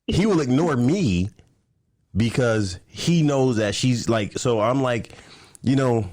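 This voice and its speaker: A man's voice: mid-range voice, takes it slowly, dry recording, clean studio sound. A man co-hosting a casual chat, telling stories with lots of laughter. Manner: animated storytelling, laughs often. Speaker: podcast co-host.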